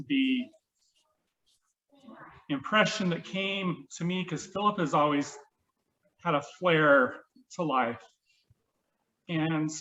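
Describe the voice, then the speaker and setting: A man giving religious closing words at a memorial, earnest and faltering, with frequent pauses. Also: high-pitched, fairly bright tone, highs cut off. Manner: earnest, faltering, pausing often.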